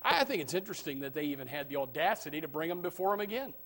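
A man preaching a sermon, swinging from loud, emphatic preaching to low, quiet asides, often calling out amen and repeating words as he starts his sentences. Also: lively intonation, racing. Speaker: pastor.

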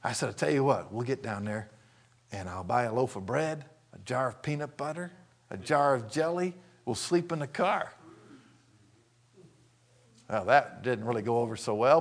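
Preaching a sermon, a man with a fairly high-pitched voice tells a personal story, dropping into hushed asides and then rising to shouted praise.

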